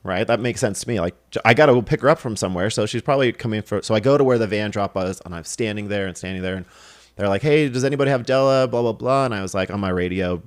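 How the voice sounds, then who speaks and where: His fairly low voice runs fast as he shares casual stories as a guest on a podcast; he's a film director and assistant director. Lively and laughing through each tale, he acts out the lines people said.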